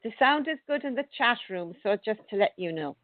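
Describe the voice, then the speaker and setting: A woman's voice: fairly high pitch, lively intonation, brisk, no room sound. A woman co-hosting a radio show, chatting cheerfully and giggling. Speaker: radio co-host. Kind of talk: casual chat on a call-in show. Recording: tinny phone line, dry.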